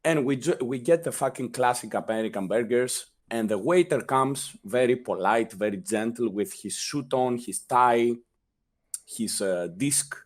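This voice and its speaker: A man's voice: mid-range voice, a little slow. A young man with a European non-native English accent, a guest telling casual, profane stories in an interview and acting out the people he quotes. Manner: profane, animated anecdote telling with acted quotes. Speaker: guest, former guild leader.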